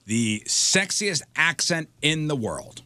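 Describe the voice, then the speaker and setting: A man's voice: a little high, sing-song, slow, pushed and bright, clean tone. A man hosting a casual radio show, reading out rankings while teasing and laughing with his co-hosts. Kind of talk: casual morning show banter.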